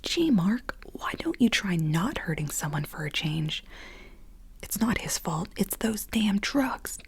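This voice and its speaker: A woman's voice: very animated, takes it slowly, creaky, slightly rough, full character voice. A woman whispering the lines of an eager young man from a screenplay, in whispered role-play. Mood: scolding. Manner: whispered, higher than her own voice.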